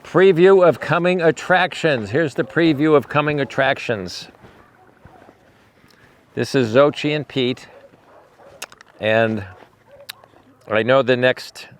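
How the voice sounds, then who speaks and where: Man cooing softly to his dogs. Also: mid-range voice, slow pace, pauses often. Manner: coos softly to dogs, repeating praise, dropping to near-murmurs; rambling, repeats himself when talking to the audience. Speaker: animal rescuer and show host. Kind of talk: casual vlog talk to camera and to his dogs. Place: outdoors at an animal sanctuary with dogs.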